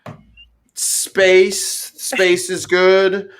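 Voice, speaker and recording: A playful male host chatting on a livestream over a video call, goofy and quick to laugh. His voice sits a little high for a man. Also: monotone, fairly bright tone, clear, resonant tone. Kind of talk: casual livestream chat.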